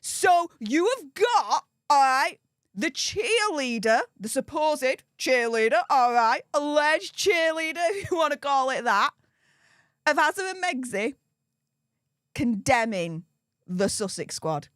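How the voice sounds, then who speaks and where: Animated, teasing woman streamer. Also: sits high, takes it slowly, no room sound, studio quality. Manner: animated and mocking, gleefully teasing. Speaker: livestream host. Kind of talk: casual live commentary.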